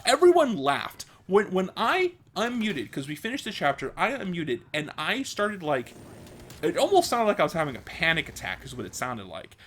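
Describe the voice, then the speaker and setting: A man vlogging, retelling a story in a casual, excitable way with lots of fillers. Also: high voice, normal speed, slight background noise.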